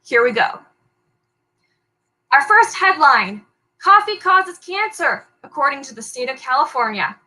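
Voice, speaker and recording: A woman's voice: sits high, lively intonation, normal speed, long pauses, pushed and bright, rough recording. A young woman hosting a trivia quiz, reading headlines aloud in an upbeat way and joking lightly when she slips. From Canada. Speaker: trivia host.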